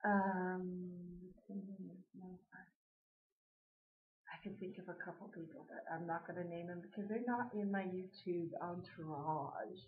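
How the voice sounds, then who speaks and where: A woman's voice: fairly low pitch, steady tone, measured pace. Giggly chatty woman, lo-fi sound. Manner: chatty, giggly, rambling with fillers. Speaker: vlogger answering a tag. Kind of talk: casual chat to camera. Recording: dull lo-fi webcam audio.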